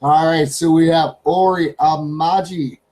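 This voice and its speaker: A man's voice: a little high, steady tone, unhurried, darkish tone, rough recording. A Canadian man hosting a casual live stream from his home studio. He chats loosely, repeats his phrases, and calls out to his pets.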